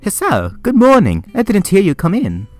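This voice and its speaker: A polite, delicate teen schoolgirl from a visual novel, as a man reading aloud puts her on. She speaks softly and primly, in a raised, lively voice. There is faint music in the background. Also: high-pitched, normal speed, pitched above the performer's own voice. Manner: soft, prim and hesitant.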